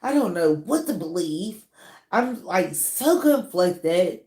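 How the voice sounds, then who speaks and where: A woman with a lilt talks through celebrity gossip in a loose, animated way, laughing often. She stretches out her words at an unhurried pace. Her voice rings in a noticeably echoey room. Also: fairly low pitch. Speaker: celebrity gossip channel host. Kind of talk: casual commentary.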